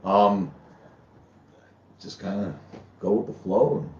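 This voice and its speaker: A man's voice: on the low side, steady tone, slow, slight background noise. A man who works as a cameraman, speaking in a loose, rambling way full of fillers. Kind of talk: casual interview talk. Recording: distant, echoey, dull lo-fi.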